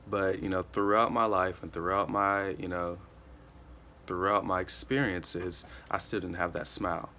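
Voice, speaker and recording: A young man with a very low, deep voice talks earnestly in a relaxed motivational vlog. He circles back on his points and leans on "you know" as he goes. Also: normal speed, slight background noise. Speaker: motivational vlogger. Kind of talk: casual motivational monologue.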